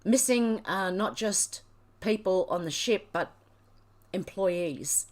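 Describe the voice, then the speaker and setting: This Australian woman, her mid-range voice expressive and slow, gets emotional while reading her stream's chat, crying as she pours out thanks to viewers.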